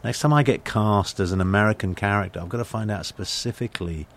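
A man's voice: on the low side, fast talker, fairly bright tone. A man with an English accent telling anecdotes in a casual conversation, often restarting and repeating words. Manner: chatty storyteller with frequent restarts and stammered repeats. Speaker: actor, guest.

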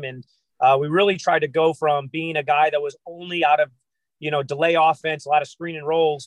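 Man, 30s, from the US, animated storyteller, slightly raised pitch, dead-dry recording inside a car. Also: no echo, rough recording. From United States. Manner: lively storyteller who acts out quotes. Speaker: guest, basketball trainer. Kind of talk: casual podcast interview.

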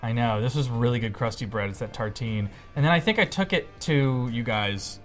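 A man's voice: medium pitch, faint music behind. A man co-hosting a casual live show, reading viewer comments aloud and chatting with his co-hosts. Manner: quick, chatty, reads messages aloud with rising emphasis. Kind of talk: casual chat.

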